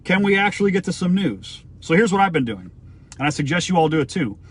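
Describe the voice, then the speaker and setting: A man's voice: high voice, sing-song, fast talker, breathy edge. A man from the United States giving an emphatic opinion rant to camera, firing off rhetorical questions and swearing now and then. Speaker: vlogger.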